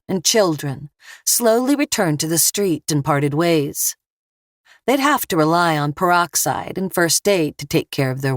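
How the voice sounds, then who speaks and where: A woman reads a thriller audiobook in a measured, steady voice. Her voice sits very low for a woman, and the studio sound is dry and close. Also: dry recording. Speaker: audiobook narrator. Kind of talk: scripted narration.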